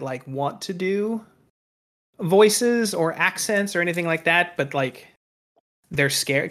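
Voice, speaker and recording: A man's voice: on the high side, a bit bright. A man in casual podcast chat, rambling with lots of fillers and casual swearing.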